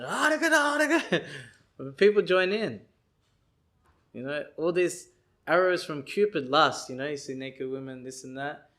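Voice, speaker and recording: A man giving a lecture, telling an animated story and acting out the people in it. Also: mid-range voice. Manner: animated, acts out people he describes and sings chants.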